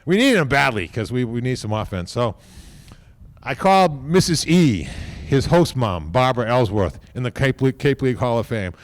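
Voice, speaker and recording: A man speaking at a podium microphone during an induction ceremony, rambling informally, repeating himself and tagging lines with a quick "okay?". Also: medium pitch, expressive. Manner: repeats words and restarts often. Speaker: team executive giving induction speech.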